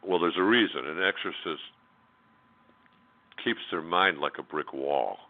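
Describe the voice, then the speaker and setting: Man, extremely low voice, tinny phone line, blunt storyteller, lots of fillers. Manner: candid and blunt, with many fillers and restarts. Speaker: interview guest. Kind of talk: telling a personal story in a radio interview.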